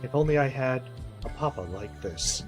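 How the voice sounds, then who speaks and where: Brief: a man playing a sorrowful girl's ghost with a quiet, wistful delivery, with game music behind. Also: medium pitch, lively intonation, normal speed, close to an everyday voice, poor audio. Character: sorrowful ghost of a young girl.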